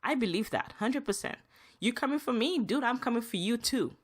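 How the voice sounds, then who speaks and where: A woman hosting a solo podcast, venting emphatically and repeating herself, her pitch rising when upset. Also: animated, fairly quick, slightly rough. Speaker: podcast host.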